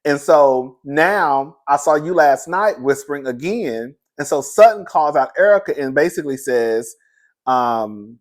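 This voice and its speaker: A man's voice: on the high side, lively intonation, a little slow. A young man recapping a reality show in casual, sassy commentary, laughing often and calling the listener "girl".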